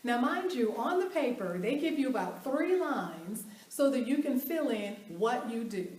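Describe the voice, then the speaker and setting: A woman giving a storytelling motivational talk at an event, animated, acting out the voices she quotes and laughing along. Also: fairly high pitch, a little slow. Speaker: motivational speaker. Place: event hall. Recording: roomy hall, mic at a distance.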